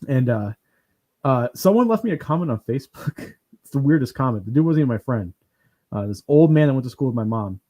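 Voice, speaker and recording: A man hosting a podcast in casual chat, telling lively stories, acting out what others said, laughing and swearing as he goes. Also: medium pitch, fairly quick. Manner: animated storyteller who acts out quotes, laughs and swears often. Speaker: podcast host.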